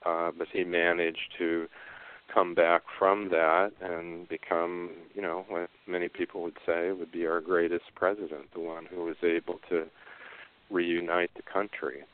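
A male author being interviewed, speaking haltingly with many fillers and restarts. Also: low-pitched, level tone, smooth. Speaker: author guest. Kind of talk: casual interview talk. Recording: phone line.

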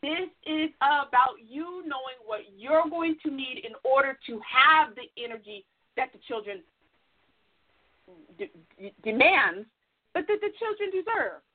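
Woman co-host, high voice, emphatic and repetitive advice talk, thin phone-quality sound. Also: lively intonation, measured pace. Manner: emphatic, repeats herself, acts out inner voices. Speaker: podcast co-host. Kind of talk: casual advice chat. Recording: tinny phone-like audio.

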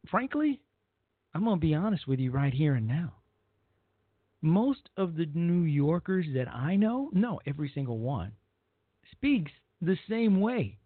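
A man with a slightly high voice hosts a talk radio show, giving a blunt, rambling opinion monologue in which he often repeats himself. The sound is dry and phone-like, narrow, with no room sound.

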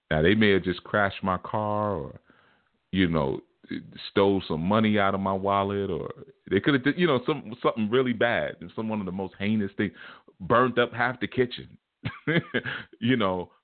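A man teaches in a casual, rambling way, leaning on "you know" as he talks. His voice sits low. The sound is thin and phone-like, and it is very dry. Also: normal speed, no echo. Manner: loose, conversational, repeats "you know". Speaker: spiritual teacher. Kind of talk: casual spiritual talk.

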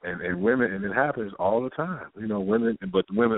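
A man chats as a guest playwright, slipping in and out of the voices of the people in his stories. His pitch sits in the middle for a man. The sound is dry and narrow, like a phone call. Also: a little fast, vocal fry, dry recording. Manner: animated storyteller, acting out quoted characters. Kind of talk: casual talk show chat. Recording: tinny phone-line audio.

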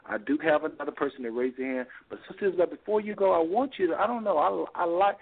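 A man's voice: on the high side, fast talker. A man hosting a call-in talk show and preaching, repeating phrases for emphasis. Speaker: radio show host. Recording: tinny phone-line audio.

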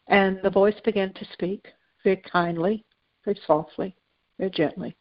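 A woman's voice: medium pitch, fairly even intonation, moderate pace, no room sound, muffled recording. A woman hosting a spiritual talk show, talking conversationally with many fillers and restarts. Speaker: host.

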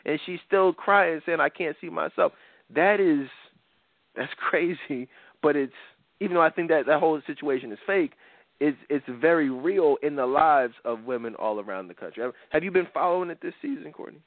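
A man's voice: a little high, moderate pace, dry recording. A man in his thirties hosting a talk show, giving blunt opinions in a rambling way with lots of fillers. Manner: blunt, rambling, frequent "you know" fillers. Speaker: podcast host. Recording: dry, phone-like narrow sound.

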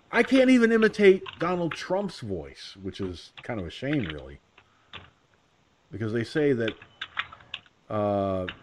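Male talk radio host, blunt and profane, very animated delivery. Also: medium pitch, a little hiss or hum. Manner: blunt, profane, rambling with impressions. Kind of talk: casual radio talk show.

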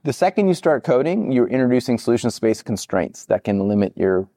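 Male podcast guest, quick and animated delivery, dark low voice, dry sound. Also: dry recording. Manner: energetic, acts out quoted people in higher voices. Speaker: podcast guest, product expert. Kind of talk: conversational interview.

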